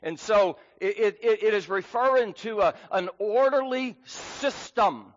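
A man with a high voice preaches a sermon as pastor at a measured pace, earnest and emphatic, with many fillers. The sound is dull, with long hall reverb.

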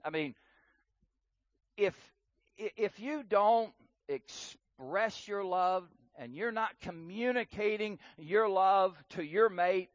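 A man preaching a sermon on marriage in an earnest way, repeating words for emphasis and swinging between loud and soft. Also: high-pitched, slow pace, no room sound, highs cut off.

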